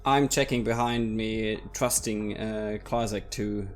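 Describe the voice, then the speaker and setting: A man's voice: fairly low pitch, steady tone, slow, faint music behind. A man playing a tabletop game, asking questions eagerly and stating his character's actions. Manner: eager, bursts into loud in-character shouts. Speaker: player. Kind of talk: tabletop role-play.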